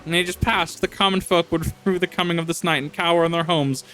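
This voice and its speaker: A man's voice: a little high, fairly even intonation, fairly quick, pushed and bright, faint music behind, pitched above the performer's own voice, low-quality recording. A man voicing a scheming pumpkin-headed witch in a game, using a pompous villain voice rather than a female one. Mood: grandiose. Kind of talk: reading game dialogue aloud.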